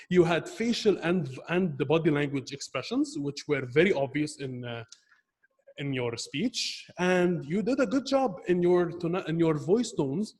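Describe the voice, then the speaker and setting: A young man evaluating a club member's speech on a video call, earnest and halting, often restarting his words. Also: fairly high pitch, a little mellow, in a large hall.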